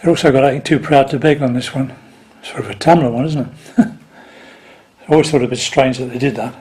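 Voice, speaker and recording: Man, casual rambling talk, dry asides, middle pitch. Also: fairly even intonation, fairly quick, darkish tone. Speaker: record collector.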